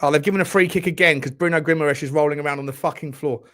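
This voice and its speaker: A man's voice: on the high side, fairly even intonation, very fast, fairly bright tone. A young man hosting a live football watchalong, furiously ranting and swearing at the referee. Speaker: football fan channel host.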